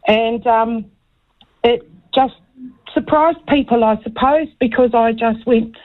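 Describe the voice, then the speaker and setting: A woman calling in to a talk radio show, talking in an emphatic, agitated and excitable way. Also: a little high, takes it slowly. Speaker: caller. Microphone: phone. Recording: tinny phone line.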